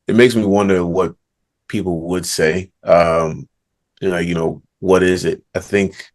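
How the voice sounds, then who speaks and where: Deep, slow-spoken thoughtful man. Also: fairly even intonation, a little mellow. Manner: slow, thoughtful, murmurs "hmm" before answering. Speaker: author and negotiation coach, podcast guest. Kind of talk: reflective podcast interview.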